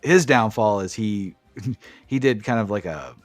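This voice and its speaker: Profane, lively male podcast recapper. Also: on the low side, unhurried, no echo, soft background music. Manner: profane, enthusiastic play-by-play recapping. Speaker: podcast co-host. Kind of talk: casual recap chat.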